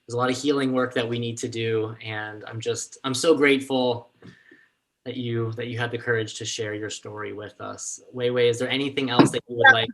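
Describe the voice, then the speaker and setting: Gentle male moderator on a video call. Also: mid-range voice. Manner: gentle, reassuring, unhurried. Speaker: summit moderator.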